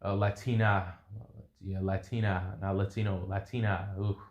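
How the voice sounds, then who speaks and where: A man's voice: low voice, flat delivery, moderate pace, a little mellow, reverberant, highs cut off. A young man casually improvising a story, rambling and making vocal sound effects.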